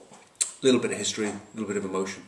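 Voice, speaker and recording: A man's voice: on the low side, steady tone, very fast, slight background noise. A man giving a casual rugby match preview, wry and joking, with lots of fillers and asides, recorded on a camcorder at a distance. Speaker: rugby pundit. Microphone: camcorder mic at a distance. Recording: roomy, distant camcorder sound.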